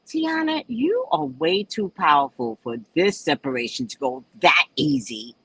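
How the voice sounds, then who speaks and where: Hosting for live viewers, this older New Orleans woman tells stories with animated swings in her voice and a strong New Orleans accent. Her voice is a little high and husky with vocal fry, at a moderate pace with hardly any pauses, on a rough recording.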